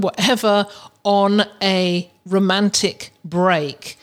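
Woman podcast host, mid-pitched, conversational, chatty, stumbles and restarts often. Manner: chatty, with frequent restarts and fillers. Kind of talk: casual advice talk.

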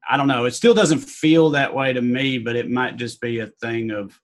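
A man in casual podcast chat, telling stories in an animated way with many fillers. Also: mid-range voice, moderate pace.

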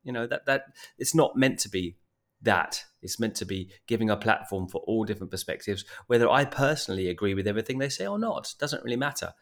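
Rambling fast-talking podcast host. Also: male voice, on the low side, lively intonation. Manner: rambling, many restarts and fillers. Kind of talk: casual podcast talk. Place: Bali.

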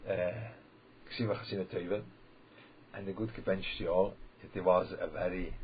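Halting low-voiced man giving a sermon. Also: slight background noise. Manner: halting, repeats words and restarts often; checks in with listeners, asking "yeah?". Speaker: religious teacher. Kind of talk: holiday sermon. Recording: slightly dull lo-fi recording.

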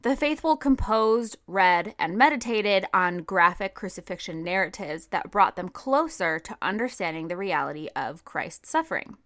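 A woman's voice: medium pitch, lively intonation, moderate pace, few pauses, a bit bright, no room sound, clean studio sound. A woman co-hosting a history podcast, reading quotes and explaining them in a casual, conversational way. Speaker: podcast co-host.

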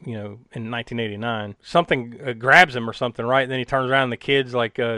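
A man's voice: mid-range voice, fast, bright, forceful tone, no echo, clean studio sound. A man recapping a movie in casual chat, rambling with many fillers and frequent laughs. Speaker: podcast co-host recapping a film.

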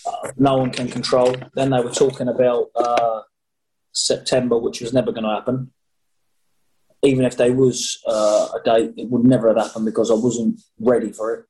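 A man chats over a video call with a cheeky, rambling manner. He jokes his way through answers in a middle-pitched voice, casual and full of fillers. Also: flat delivery, normal speed, darkish tone, rough recording. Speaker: boxer interviewee. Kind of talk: casual remote interview.

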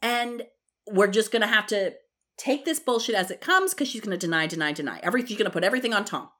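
A woman's voice: mid-range voice, lively intonation, quick pace, bright, forceful tone. A woman co-hosting a podcast, chatty and gossipy in casual conversation. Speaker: podcast co-host. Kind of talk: casual chat.

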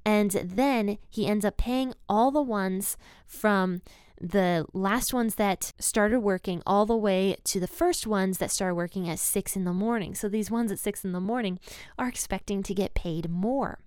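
Candid and personal, a woman teaching the Bible shares a relaxed devotional, putting the passage into everyday words and opening up about her life. Her voice is smooth, clear and medium-pitched, her pace measured, and the recording dry and close.

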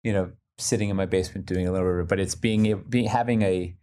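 A man talking as a podcast guest, excitable and rambling, with lots of restarts. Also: deep voice, a little fast, a little hiss or hum. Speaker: podcast guest, creative director. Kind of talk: casual podcast interview.

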